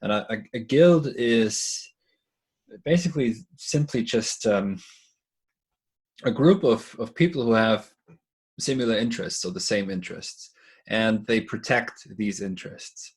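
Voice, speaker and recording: A man's voice: on the low side, measured pace, slightly rough. A man as a podcast guest, speaking thoughtfully in casual conversation and often restarting and repeating words as he explains.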